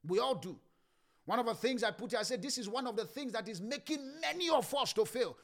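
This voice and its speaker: A male pastor in mid-life delivers a sermon with fervent emphasis, his volume surging and sinking as he repeats phrases. His voice sits high and leaps around energetically. It has a bright, sharp ring and a gravelly fry underneath. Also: expressive, a little fast.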